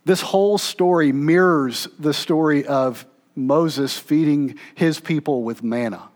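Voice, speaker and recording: A man preaching a sermon, moving between emphatic, raised passages and quiet, low asides, often checking in with the congregation with a conversational "okay?". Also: unhurried. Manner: conversational, with frequent "okay?" check-ins and restarts. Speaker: pastor.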